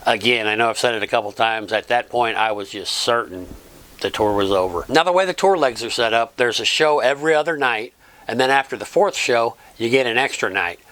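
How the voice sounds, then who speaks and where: A man's voice: mid-range voice, a little fast, a bit bright. A middle-aged man hosting a travel vlog, recapping the trip in a plain, earnest way and thanking friends. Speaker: vlog host. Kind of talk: casual travel vlog narration.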